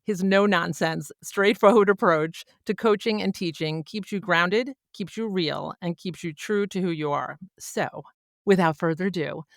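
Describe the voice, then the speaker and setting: A woman's voice: lowish voice, unhurried, creaky, dry recording, studio quality. A woman hosting a podcast interview, gushing and laughing often as she introduces and chats with a guest. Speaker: podcast host.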